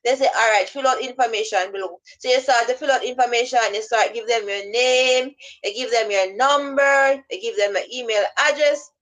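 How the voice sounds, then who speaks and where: A woman's voice: a little high, normal speed, few pauses, a bit bright, poor audio. A woman giving casual advice about spotting scammers, rambling and acting out both sides of phone calls. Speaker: vlogger giving scam-awareness advice. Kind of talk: casual instructional talk.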